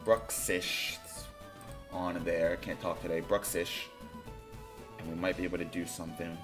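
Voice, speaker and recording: A man's voice: low voice, measured pace, music in the background. Casual man musing over a game. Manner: musing, trails off, then bursts into loud excitement. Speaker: streamer.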